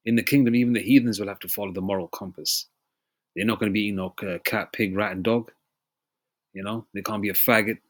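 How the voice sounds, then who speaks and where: A man with a somewhat low voice delivers a loose, conversational sermon. He stresses his points emphatically and keeps checking in with "okay?" He reads scripture slowly and clears his throat between passages. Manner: emphatic, repeats "you know?" and "okay?" often. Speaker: preacher. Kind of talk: informal sermon with scripture reading.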